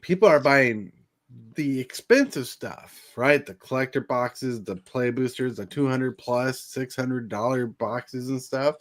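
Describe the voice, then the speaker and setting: A man hosting a relaxed chat stream, with a voice of middling pitch. He rambles through his points, leans on fillers, and laughs often. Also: a little slow. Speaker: podcast host. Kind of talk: casual chat.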